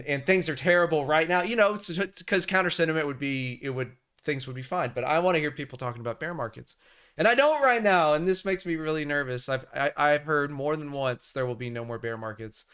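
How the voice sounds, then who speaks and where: A man's voice: a little high, a bit bright, clean tone. A man hosting a casual livestream, talking about the markets in a chatty, rambling way with many restarts. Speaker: livestream host.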